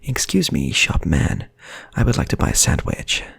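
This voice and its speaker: A man voicing a cocky male bank robber in a low, half-whispered voice. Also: wildly swooping pitch, normal speed, creaky, husky, dry recording, heavily acted. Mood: pleased.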